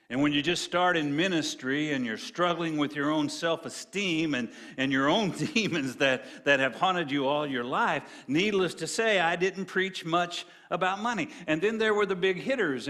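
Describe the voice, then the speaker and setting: A middle-aged man preaching as a guest preacher, telling folksy jokes and dropping low and quiet for serious points. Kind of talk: sermon with jokes.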